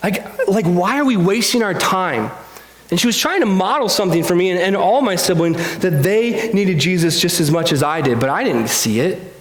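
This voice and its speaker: A man's voice: high-pitched, lively intonation, moderate pace. A man preaching a sermon in a church, earnest and confessional, often stumbling over repeated words. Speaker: pastor. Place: church sanctuary. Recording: echoey hall.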